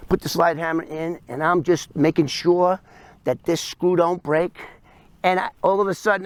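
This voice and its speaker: A man tells an animated story, punching it up with sound effects. His voice sits high for a man. The sound is dry and close, with no room around it. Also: normal speed, clean tone, no echo. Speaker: storyteller recounting his past. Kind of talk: animated first-person storytelling.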